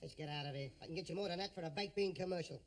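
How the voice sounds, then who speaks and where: A man's voice: a little high, rapid-fire, background noise, lightly acted. A man playing a brash, scheming showbiz agent. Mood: pushy. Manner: pushy, wheedling, cheeky. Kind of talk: 1950s radio comedy acting.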